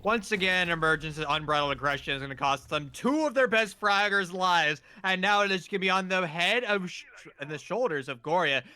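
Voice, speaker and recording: A man's voice: high-pitched, expressive, brisk, few pauses, bright, forceful tone, clear, resonant tone, no echo. A man giving esports color commentary, analytical and explaining team tactics.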